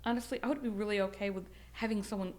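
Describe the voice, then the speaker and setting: A middle-aged woman with a Long Island accent, chatting as a podcast guest and telling stories in a lively, talkative way. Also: medium pitch, rapid-fire. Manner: chatty, animated storytelling. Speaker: podcast guest, real estate agent. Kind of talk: casual chat.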